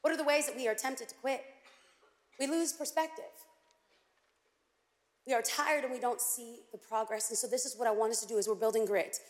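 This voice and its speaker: A woman with a high, bright voice preaches in a church sanctuary, her words trailing off into a long hall reverb. She is animated and playful, leaning hard on key phrases to make her points. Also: fairly quick, long pauses. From United States. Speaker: guest preacher. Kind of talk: sermon.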